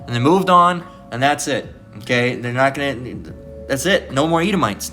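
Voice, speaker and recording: A man preaching an informal lesson in a bright, edgy voice. He is emphatic, swears freely and keeps checking in with "all right?". Faint guitar music sits behind him. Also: mid-range voice, expressive, fairly quick. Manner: emphatic and profane, repeats "all right?" constantly.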